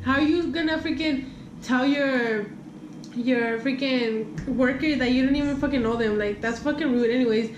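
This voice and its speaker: A woman's voice: sits high, normal speed, roomy sound, highs cut off, noisy background. A young woman telling a casual storytime. She swears freely, switches between English and Spanish, and acts out what people said. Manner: animated retelling with quoted dialogue. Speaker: vlogger.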